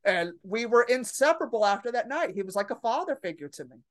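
A woman comedian holds the floor as a podcast guest, storytelling in a loose, profane rush. She slips into other people's voices for quotes and never softens her language. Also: a little high, fast talker, a crowd in the background. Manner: brash, profane, animated storytelling with acted-out quotes.

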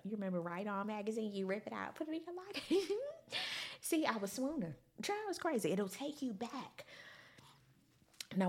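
Woman, husky voice, sassy and dramatic, with big swings in pitch. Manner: animated and sassy, dramatic pitch swings, mock-incredulous asides. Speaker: commentator recapping a music event. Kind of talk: casual recap monologue.

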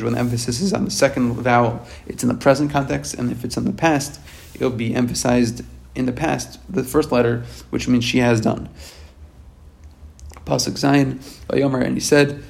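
A man's voice: mid-range voice, gravelly, a little mellow. A man teaching a verse-by-verse text study, reading Hebrew phrases and then translating them into English, often restarting mid-phrase. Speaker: Torah teacher.

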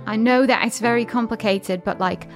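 A woman's voice: fairly high pitch, normal speed, faint music behind. A woman playing a tabletop game, talking in a playful and earnest way. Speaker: player. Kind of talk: tabletop role-play chat.

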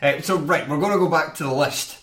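A man's voice: fairly high pitch, fairly quick, fairly bright tone. A man hosting a casual podcast, talking loosely with lots of fillers and self-mocking asides. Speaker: podcast host. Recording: roomy echo.

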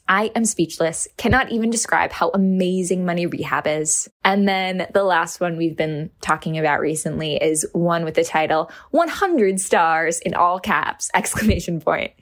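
A woman producer reading listener reviews aloud with bright amusement. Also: lowish voice.

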